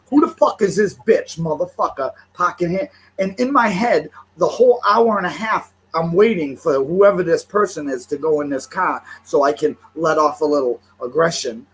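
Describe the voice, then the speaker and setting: A man's voice: high-pitched, husky, low-quality recording. An older man telling a profane, heated story from his home, swearing constantly as he rants. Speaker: vlogger.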